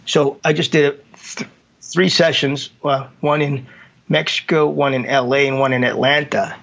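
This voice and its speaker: A man's voice: medium pitch, fairly even intonation, normal speed, gravelly, a bit bright, muffled recording. A man, a consultant, talking casually and telling stories with acted quotes and frequent restarts. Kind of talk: casual conversation.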